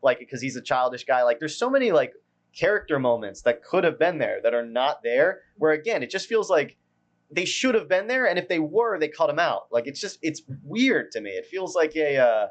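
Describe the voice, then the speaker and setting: A man's voice: on the high side, big pitch swings, moderate pace. A man co-hosting a casual film review, speaking bluntly, swearing freely and filling his talk with "like". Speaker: podcast co-host.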